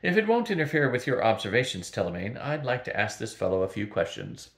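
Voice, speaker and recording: Brief: dry firm witch, read by an older man, middle pitch, echoey room. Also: big pitch swings, a little fast, a bit bright. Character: brisk, no-nonsense witch woman.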